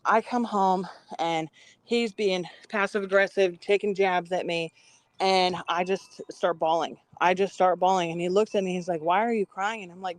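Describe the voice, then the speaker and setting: A woman, co-hosting a podcast in casual spiritual chat, telling stories with lots of acted-out quotes. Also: on the low side. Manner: animated storytelling, acting out quoted voices. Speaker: podcast co-host.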